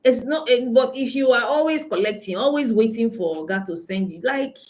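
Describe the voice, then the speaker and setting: A woman's voice: a little high, animated, moderate pace, darkish tone. A woman with a Nigerian accent, a money coach giving an emphatic motivational talk, repeating key lines and asking her listeners questions. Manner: laughs often while telling anecdotes.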